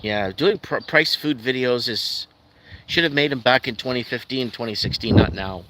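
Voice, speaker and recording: A man's voice: mid-range voice, moderate pace. Rambling man ranting on a livestream. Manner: ranting, skeptical, loose and rambling with frequent restarts. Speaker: livestream host. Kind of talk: rambling live stream chat, reading viewer comments. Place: at home in Calgary. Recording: steady background noise with passing vehicles.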